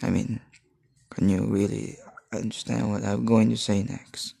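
A man in his thirties, from the Philippines, hosting a solo podcast in a halting, rambling way, often restarting as he searches for words. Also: fairly low pitch, flat delivery, vocal fry, warm tone, slightly rough, no room sound. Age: 30s. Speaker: podcast host.

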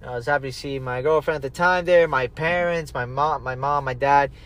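A fairly quick, somewhat bright mid-range voice belongs to a young man running a casual podcast. He rambles through his stories, quotes others, and swears with no restraint.

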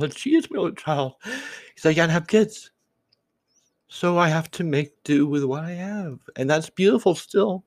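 Brief: male podcast host, unscripted musing, halting restarts, emotional tremble, dry close sound. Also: on the high side, expressive, darkish tone, dry recording. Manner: reflective, rambling with restarts and repeated words. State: choked up, voice trembling.

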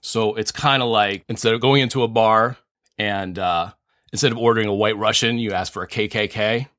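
Male podcast host, deadpan know-it-all, dry close mic. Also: fairly low pitch, a little fast, dry recording. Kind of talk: casual comedic chat.

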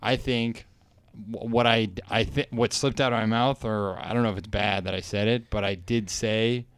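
A man's voice: fairly low pitch, fairly even intonation, normal speed, clean tone, dry recording. A young adult man, a comedy podcast co-host, telling a rambling story in casual chat and acting out the lines of the people in it. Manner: rambling, laughing, acts out quoted lines.

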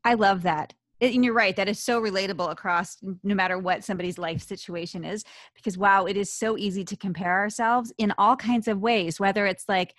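A woman's voice: mid-range voice, steady tone, a little fast, hardly any pauses, a bit bright, dry recording, clean studio sound. A woman of fifty hosting an interview podcast, talking in an effusive, emotional way with many "like"s. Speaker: podcast host. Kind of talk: conversational interview.

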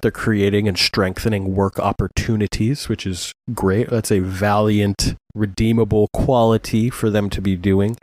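A man's voice: lowish voice, no room sound, studio quality. A man hosting a podcast in casual chat, rambling and swearing, with many fillers. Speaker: podcast host.

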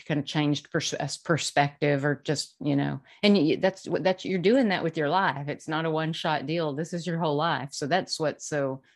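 A woman's voice: sits low, creaky. A woman co-hosting a podcast, talking earnestly in casual conversation with frequent restarts and laughs. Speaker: podcast co-host.

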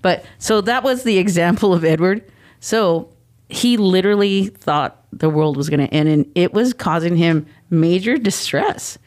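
A middle-aged woman, guest on an interview show, telling family stories in a lively way and acting out the quoted dialogue. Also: lowish voice, moderate pace. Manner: animated, acts out quoted dialogue. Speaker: guest, mother of the athlete. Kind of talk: casual interview storytelling.

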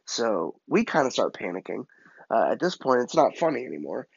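A man casually telling a comic story about his childhood, in an animated, self-mocking way. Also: mid-range voice, moderate pace, creaky, no echo, muffled recording.

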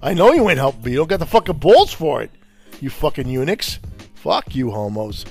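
A podcast host from Brooklyn, ranting angrily and profanely in a confrontational way. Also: male voice, medium pitch, big pitch swings, normal speed, faint music behind. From Brooklyn, New York. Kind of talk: angry profane rant.

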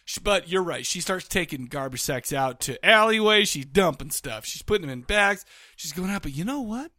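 A man co-hosting a podcast, retelling a film in an animated way with crude jokes. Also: sits high, moderate pace, no room sound, clean studio sound. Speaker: podcast co-host. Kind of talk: casual film chat.

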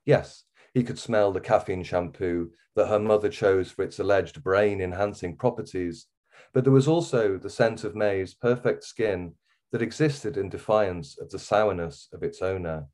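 A man with a Wirral accent reading his own short story aloud in a measured, steady way. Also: low-pitched. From England. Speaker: guest author.

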